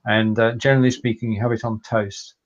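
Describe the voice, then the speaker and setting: A man's voice: on the low side, little pitch movement, brisk, highs cut off. A man from the UK co-hosting a live stream, joking around and reading out viewer comments. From United Kingdom. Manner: jokey, reads out viewer comments. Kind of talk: casual live-stream chat.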